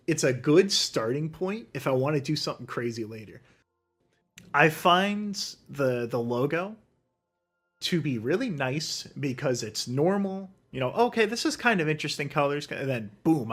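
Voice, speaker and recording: A man's voice: mid-range voice, a bit bright. A young man hosting a solo podcast livestream, ranting in a heated, profane way and mocking people with sarcastic quoted voices. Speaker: podcast host.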